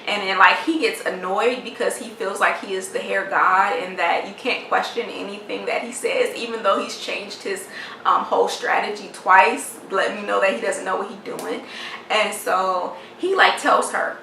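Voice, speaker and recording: A woman vlogger telling a story to the camera in a casual, animated and exasperated way, acting out the people in it. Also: mid-range voice, normal speed, creaky. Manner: animated, exasperated retelling with quoted dialogue. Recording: echoey room, mic at a distance, faint noise.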